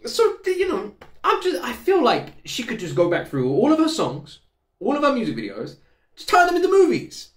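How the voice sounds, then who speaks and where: Excitable man reacting, lively high voice. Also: normal speed, echoey room. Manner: excitable, joking, swings between loud outbursts and low musing. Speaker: reaction video host. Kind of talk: casual reaction commentary.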